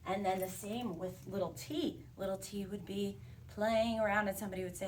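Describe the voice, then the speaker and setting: A woman telling a playful phonics story and lesson to young children in an animated, sing-song teacher voice. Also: mid-range voice, moderate pace, distant mic. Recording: roomy sound from a bit off the mic, faint background hiss.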